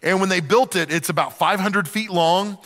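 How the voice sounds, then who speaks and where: A man's voice: sits high, normal speed, fairly bright tone. A middle-aged man preaching a sermon in a church, candid and conversational, with frequent jokes. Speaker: pastor. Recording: long reverb in a church hall.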